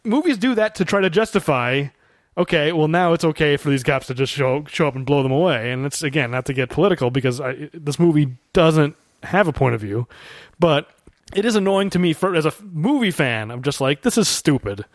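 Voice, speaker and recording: A man casually discussing a movie, animated and sarcastic, often laughing and restarting as he mocks an actor with impressions. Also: a little high, fairly quick, dry recording, clean studio sound. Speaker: podcast co-host.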